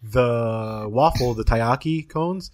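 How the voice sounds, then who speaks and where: A man's voice: mid-range voice, takes it slowly. A man co-hosting a podcast from Southern California, chatting enthusiastically about food with lots of fillers. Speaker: podcast co-host. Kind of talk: casual chat. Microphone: studio mic.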